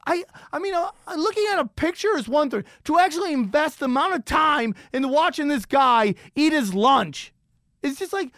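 A middle-aged man hosting a comedy podcast, telling a story in an animated, incredulous, profane rant that swings between high and low pitch. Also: normal speed, dry recording, clean studio sound. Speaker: podcast host.

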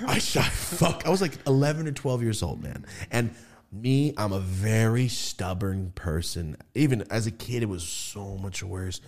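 A man's voice: lowish voice, measured pace. A man hosting a podcast, telling a story in casual chat, swearing freely and acting out voices as he goes. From California. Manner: animated, swearing, acts out voices with laughs. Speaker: podcast host.

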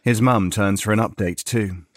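A man narrating a horror story in a measured, storytelling way. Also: fairly low pitch, steady tone, dry recording.

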